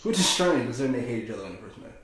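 A man's voice: medium pitch, very animated, rapid-fire, background noise. A man hosting a reaction video, chatting casually, laughing often and swearing. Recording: very echoey room.

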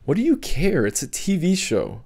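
A man's voice: on the high side, huge pitch swings, moderate pace, gravelly, darkish tone, slightly rough, pitched above the performer's own voice, heavily acted. A man voicing a sulky, scornful teenage girl who snaps and sneers, in an audiobook reading. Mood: dismissive. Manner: scornful, snapping.

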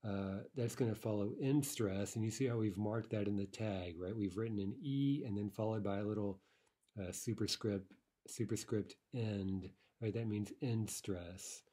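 A man's voice: on the low side, normal speed, warm tone, husky. A man teaching a language lesson, explaining step by step with frequent fillers and "right?" checks. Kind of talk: screen-recorded lesson walkthrough.

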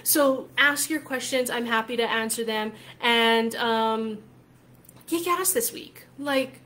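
A woman's voice: on the high side, slow, sharp tone. Chatty, emphatic woman coach. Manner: chatty, emphatic, often asks "right?", swears freely. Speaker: spiritual coach. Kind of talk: casual talk to camera.

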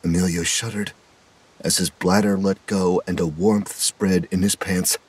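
Deep husky guy reading a horror story, slow and dramatic. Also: level tone. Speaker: narrator. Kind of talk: scripted horror narration.

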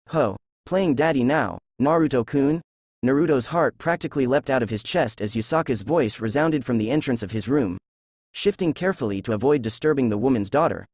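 Male fan fiction narrator, steady storyteller, dry recording. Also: mid-range voice, dry recording.

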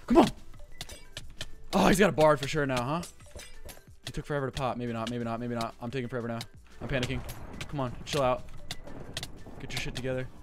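A man giving frantic, excitable live commentary over his own gameplay, swearing often. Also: mid-range voice, brisk, pauses often, over music. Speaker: gaming video creator.

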